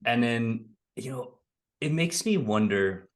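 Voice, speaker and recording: A man hosting a podcast, speaking in a thoughtful, affirming, soft-spoken way about personal growth. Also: medium pitch, expressive, slow. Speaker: podcast host. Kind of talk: reflective interview chat.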